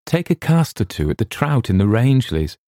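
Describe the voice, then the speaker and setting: A man doing a calm, concerned older gentleman. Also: medium pitch, fairly quick, no echo, studio quality, pitched above the performer's own voice.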